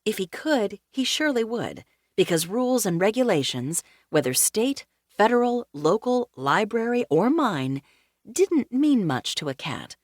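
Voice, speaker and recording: A woman narrating a cozy mystery audiobook in first person, with a wry, deadpan humor. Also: medium pitch, measured pace, no room sound, clean studio sound.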